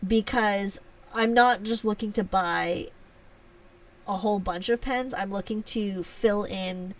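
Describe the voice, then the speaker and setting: A woman hosts a relaxed live stream and chats with her viewers, poking fun at herself and laughing often. Her voice sits at an ordinary middle pitch. She is picked up from a little way back from the microphone. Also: takes it slowly, far from the mic. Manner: chatty, self-teasing, laughs often. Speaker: livestream host. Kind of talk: casual live chat answering viewers.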